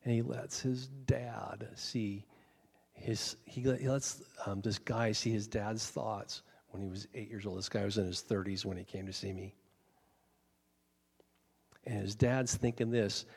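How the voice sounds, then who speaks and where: A man's voice: lowish voice, steady tone, measured pace, gravelly, darkish tone, breathy edge, big-room sound. A male pastor preaching a sermon, telling a story in a casual, conversational way.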